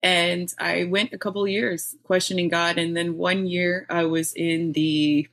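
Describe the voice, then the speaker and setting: A middle-aged woman, a podcast guest, telling her own story in a candid, animated way with bursts of laughter. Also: on the low side, measured pace. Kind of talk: personal storytelling in an interview.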